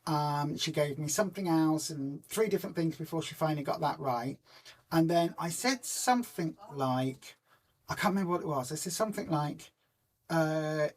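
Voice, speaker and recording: A chatty woman hosts a relaxed weekend live stream. She rambles from story to story, retelling whole conversations in reported speech and stopping often to answer viewer comments. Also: sits low, moderate pace. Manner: homely and informal, many ums and restarts. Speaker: host of a weight loss community live stream.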